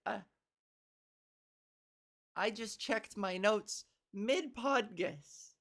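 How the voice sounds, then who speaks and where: A hoarse woman hosting a casual solo comedy podcast, rambling and profane, often clearing her throat and playing with the pitch of her voice. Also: very slow. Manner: frequent coughs and throat clearing.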